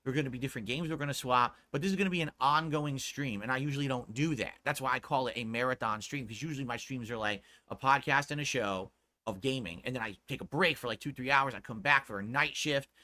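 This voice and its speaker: Blunt, laid-back male streamer, bright tone. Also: quick pace. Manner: laid back, talking lower than usual; blunt and profane when scolding chat. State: sore throat. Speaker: live streamer. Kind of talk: casual stream talk to chat.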